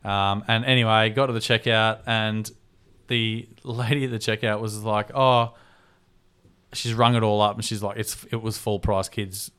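A man's voice: fairly low pitch, moderate pace, smooth. A man in his thirties, a podcast co-host, telling a story casually, swearing freely and acting out the people he quotes. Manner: animated, swears freely, acts out quoted voices.

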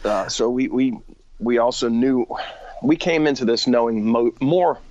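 A man's voice: medium pitch, measured pace, a little mellow, highs cut off, a little hiss or hum. A male singer as an interview guest, talking earnestly and frankly, with stumbling restarts. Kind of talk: casual interview chat.

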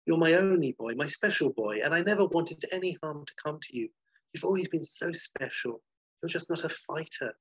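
Man doing a doting monster mom: high, cooing, sweetly menacing, husky, dull dry take. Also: animated, moderate pace, fairly bright tone, dry recording. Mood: cooing tender. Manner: cooing and tender, turning sinister. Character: doting mother who turns into a monster. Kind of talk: acting out a film scene.

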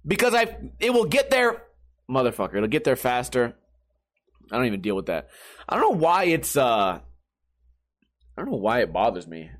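A man's voice: high voice, a bit bright. A young man telling a rambling, profane story in a casual monologue, mocking himself and laughing often.

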